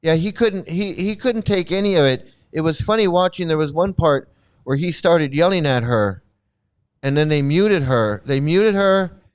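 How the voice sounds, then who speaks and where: A man hosting his own channel, reacting live and circling back over the same points again and again. His voice sits on the high side for a man, and it comes across clean and resonant. He stumbles, restarts and repeats himself as he goes. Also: expressive, normal speed, clean tone. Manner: rambling and repetitive, many restarts. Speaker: channel host.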